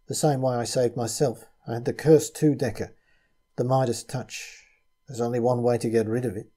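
Man voicing a blunt pragmatic rogue, matter-of-fact, mellow dark tone, husky. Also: mid-range voice, steady tone, moderate pace, close to an everyday voice. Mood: grim. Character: blunt, pragmatic one-handed adult man.

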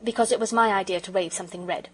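Bossy eager boy read by a woman, storybook audiobook, urgent commands, breathy tone. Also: mid-range voice, fairly even intonation, very fast, lightly acted.

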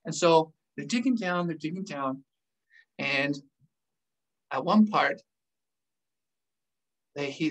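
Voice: medium pitch, far from the mic, poor audio. A former army officer telling a war story on a vlog, acting out the scenes with gestures. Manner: animated, acts scenes out with gestures.

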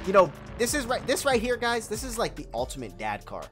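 A man's voice: sits high, wildly swooping pitch, a little fast, fairly bright tone, faint music behind. A young man with kids, giving casual gaming commentary as a video host, hyped and full of slang as he talks to viewers and a friend.

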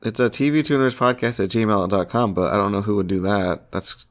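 A man's voice: on the low side, fairly even intonation, fairly quick. A man co-hosting a casual podcast, bantering playfully with mock offense. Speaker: podcast co-host. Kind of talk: casual comedic podcast chat.

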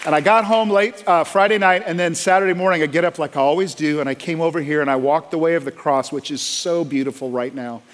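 A man preaching a sermon as pastor, telling stories with passion and swinging between loud and hushed delivery. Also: a little high, fairly even intonation, fast, few pauses. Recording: long hall reverb.

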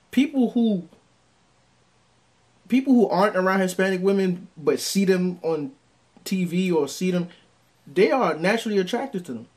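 Lively-voiced New man. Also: sits high. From New York. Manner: blunt, pushes back with his own examples. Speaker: podcast co-host. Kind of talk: casual chat.

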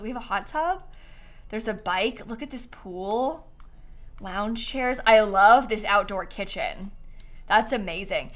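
A young woman streamer chats casually while touring builds, bubbling with giggles and gushing praise. Her voice sits a little high and swoops all over the place. The tone is bright and clear. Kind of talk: casual live-stream commentary.

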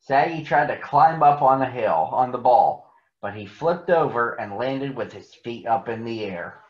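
A man reading a picture book aloud to children in a gentle, expressive way. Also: mid-range voice, unhurried. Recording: echoey, muffled room recording.

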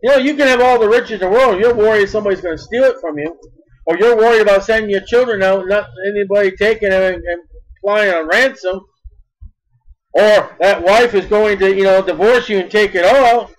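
High-voiced emphatic male preacher. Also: brisk, rough recording. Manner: emphatic, repeats words, shifts between loud and soft. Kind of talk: sermon.

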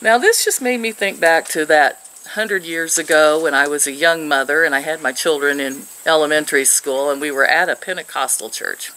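A woman's voice: low-pitched, normal speed, few pauses, pushed and bright, poor audio. An older woman from Missouri, sitting outdoors and chatting to camera as she tells a rambling story with frequent laughs. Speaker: vlogger.

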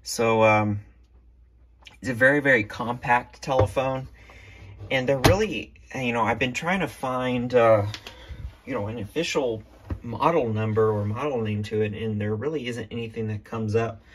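A man's voice: mid-range voice, moderate pace, fairly bright tone, slight background noise. A man hosting a casual show-and-tell vlog about an old phone from his collection, talking with many ums, uhs and restarts. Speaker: vintage telephone collector showing a phone.

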